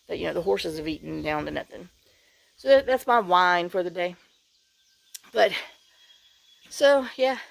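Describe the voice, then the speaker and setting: A woman's voice: medium pitch, creaky, no echo. A middle-aged woman, chatting casually to camera outdoors, worn out from work in the heat, sighing and rambling with lots of fillers. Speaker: vlogger. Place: outdoors on rural property.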